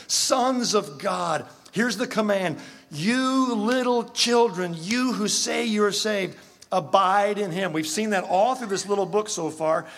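A man preaching to his congregation in a high, lively voice. He drives his points home with emphatic repetition, surging up when he gets excited and dropping low for quiet asides. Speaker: pastor. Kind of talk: sermon.

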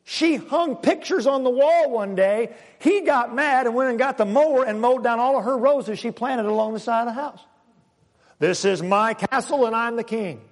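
A man preaches with a high, ringing voice. He leans on single words, pauses for effect and drops to a near murmur before building again. The long echo of a church hall trails after every phrase. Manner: emphatic preaching with dramatic pauses, swinging from loud to hushed. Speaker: pastor. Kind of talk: sermon.

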